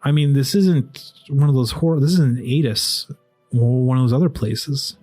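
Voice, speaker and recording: A man voicing a wary, grumbling human father, halting and exasperated. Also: mid-range voice, a little mellow, soft background music, lightly acted.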